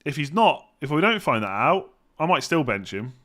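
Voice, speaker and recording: Bright-voiced English man thinking aloud. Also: on the high side, very animated, normal speed. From England. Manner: rambling, thinks aloud, hums while reading. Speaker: fantasy football streamer. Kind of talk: live stream Q&A.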